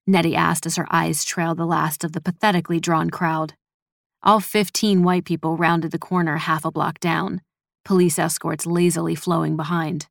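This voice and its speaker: A woman narrating a scripted audiobook story in a measured, steady way. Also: fairly low pitch, creaky, dry recording, studio quality.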